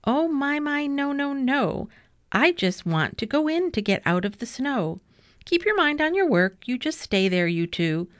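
A mischievous, grinning storybook cat in a tall hat, as a woman reads him aloud. He teases in a bouncy sing-song, his pitch swooping high and low, all of it close and dry with no room sound. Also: big pitch swings, a little slow, dry recording. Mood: playful. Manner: playful, teasing, sing-song.

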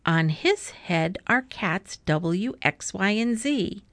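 A woman's voice: mid-range voice, animated, slow pace, fairly bright tone, no echo. A woman reading as a boastful big storybook cat. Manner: showy, boasting, bossy. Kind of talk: storybook read-aloud.

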